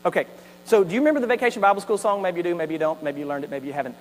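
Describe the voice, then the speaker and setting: High-voiced pastor preaching. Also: male voice, rapid-fire. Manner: animated storytelling with asides and acted quotes. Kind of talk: sermon. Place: church sanctuary. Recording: hall reverb with faint mains hum.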